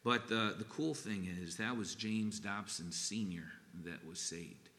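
Male pastor, low gravelly voice, earnest halting sermon delivery, reverberant room. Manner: earnest, halting, gets emotional and softens.

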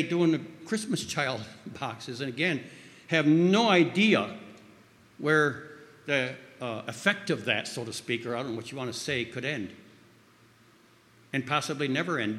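Bright-voiced man preaching in a reverberant hall. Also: medium pitch, unhurried. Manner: rambling with frequent restarts and fillers; acts out quoted voices loudly. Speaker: speaker at a church gathering. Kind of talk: informal sermon with storytelling.

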